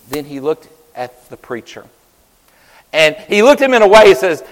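A man preaching an Easter sermon in an earnest way, rising loud and then falling soft. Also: mid-range voice, sing-song, moderate pace, creaky, in a large hall, low-quality recording. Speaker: pastor.

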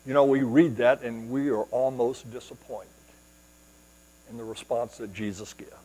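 A man's voice: mid-range voice, fairly even intonation, normal speed, mellow, poor audio. A male pastor preaching a sermon, explaining a passage and asking rhetorical questions.

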